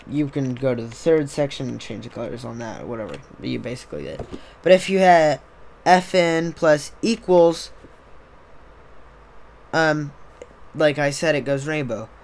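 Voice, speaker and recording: A young man hosting a podcast, talking in a rambling, casual monologue that keeps trailing off and restarting. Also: on the high side. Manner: rambling, trailing off, self-interrupting. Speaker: podcast host.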